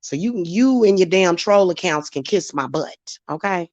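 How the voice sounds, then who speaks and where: A woman's voice: fairly low pitch, animated, normal speed, a little mellow, no room sound, muffled recording. A woman hosting her channel, ranting heatedly and profanely at commenters in a live-stream vlog. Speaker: channel host and spiritual reader. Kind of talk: live-stream rant to viewers.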